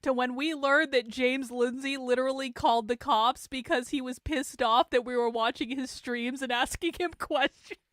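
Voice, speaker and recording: A woman's voice: high voice, fairly even intonation, normal speed, few pauses, no room sound. Emphatic, foul-mouthed woman host, dry sound. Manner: emphatic, swearing, laughing asides. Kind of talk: profane political commentary.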